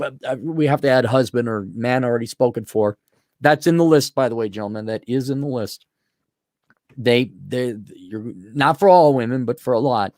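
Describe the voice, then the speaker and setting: A man hosting an opinionated commentary monologue, rambling and animated, often slipping into mocking impressions. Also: mid-range voice, moderate pace, dry recording, studio quality. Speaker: host.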